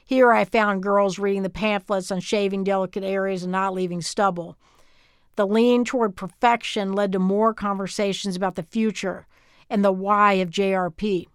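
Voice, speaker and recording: A woman from Texas reading her memoir as scripted audiobook narration, in a measured, even storytelling manner. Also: mid-range voice, clear, resonant tone, no room sound, clean studio sound.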